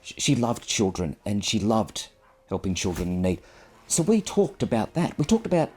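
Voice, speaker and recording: A man's voice: fairly low pitch, very animated, normal speed, darkish tone, breathy edge. A man in his fifties, a photographer, tells a personal story in an earnest, reflective and self-deprecating way, speaking into a clip-on microphone.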